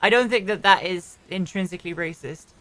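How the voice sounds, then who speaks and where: A woman's voice: on the low side, a little fast, fairly bright tone. A woman streamer chatting casually while roleplaying, rambling with many restarts and the odd swear. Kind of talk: casual chat.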